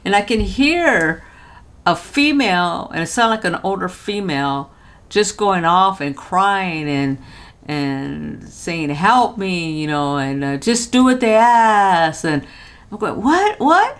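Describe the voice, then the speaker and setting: An older woman talks into her camera from a home studio and tells a story in a relaxed way. Her voice leaps up whenever she quotes someone. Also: takes it slowly. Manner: lively, jumps high when quoting others. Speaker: vlogger. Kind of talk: casual storytelling.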